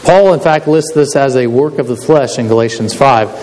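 A preacher in a reverberant hall. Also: male voice, medium pitch, normal speed, a little mellow. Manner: conversational, asks the listeners to agree. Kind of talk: sermon. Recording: long hall reverb with faint hiss.

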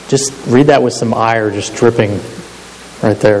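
A preacher in a reverberant hall. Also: male voice, mid-range voice, measured pace, a little mellow. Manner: conversational, asks the listeners to agree. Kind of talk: sermon. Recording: long hall reverb with faint hiss.

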